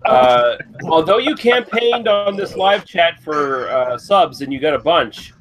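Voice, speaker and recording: A man's voice: on the high side, animated, a little slow, background noise. A man joking and swearing on a casual group video chat, often restarting his sentences.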